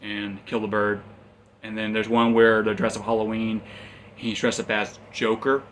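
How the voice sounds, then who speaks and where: A man's voice: fairly low pitch, level tone, normal speed, fairly bright tone, slight background noise. A man casually recapping a comic's plot as a reviewer, rambling with frequent ums and restarts.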